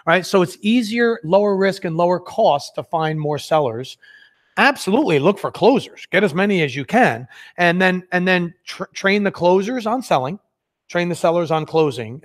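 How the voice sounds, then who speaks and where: A man leading a live sales workshop, talking in an energetic, conversational way and acting out sales dialogues. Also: on the high side.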